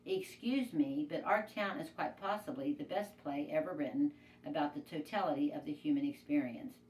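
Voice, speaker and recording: A woman's voice: low-pitched, moderate pace, far from the mic, close to an everyday voice. A woman reading aloud as an enthusiastic mother, a drama teacher who lectures and gets exasperated. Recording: echoey room, away from mic, faint noise.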